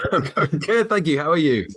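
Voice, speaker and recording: A man's voice: on the high side, animated, normal speed, a bit bright. Chatty laughing man on a podcast. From England. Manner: chatty, laughs easily, lots of fillers. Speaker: guest co-host. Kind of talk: casual podcast chat.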